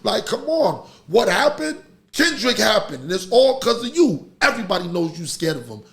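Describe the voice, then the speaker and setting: A man's voice: sits high, very animated, normal speed, vocal fry, a bit bright. A middle-aged man, hosting a podcast in casual, heated chat and ranting animatedly. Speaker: podcast host.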